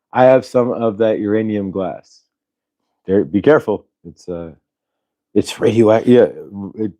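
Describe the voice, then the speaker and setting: Low mellow guy rambling on a live stream, reading chat, super laid back. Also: no room sound. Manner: relaxed, rambling, reads chat aloud. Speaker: host. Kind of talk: casual livestream chat.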